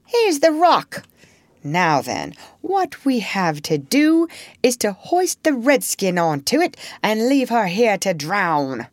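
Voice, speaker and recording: Bumbling irish pirate guy, woman doing the voice, high and slow, dry close sound. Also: very animated, dry recording. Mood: gruff.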